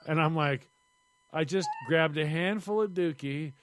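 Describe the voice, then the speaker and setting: A man's voice: a little high, unhurried, dry recording. A man co-hosting a casual comedy chat, telling stories with lots of acted-out quotes. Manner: animated storyteller acting out quoted voices. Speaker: podcast co-host.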